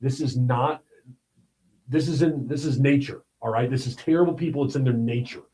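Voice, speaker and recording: A man's voice: mid-range voice, moderate pace, mellow, low-quality recording. Man, livestream host, opinionated news talk, blunt and emphatic, mid-range voice. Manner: blunt and emphatic, with repeated "all right?" asides.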